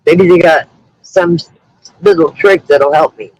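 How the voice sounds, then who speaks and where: A woman phones into a livestream from her car while driving around, swapping blunt, crude, joking stories in casual chat. Her voice is low-pitched, unhurried, and darkish, and the recording is dry and rough.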